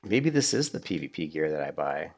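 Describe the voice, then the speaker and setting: Low gravelly male game streamer. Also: big pitch swings, brisk, darkish tone, soft background music. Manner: rambling, chatty, restarts a lot. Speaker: gaming streamer. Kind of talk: casual gameplay commentary.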